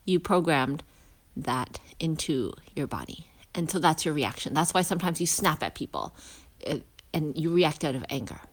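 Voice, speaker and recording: Her voice is low-pitched, husky, and animated as this healing practitioner and parent walks outdoors to school. She delivers a casual lesson reflectively, with pauses, restarts, and hushed asides.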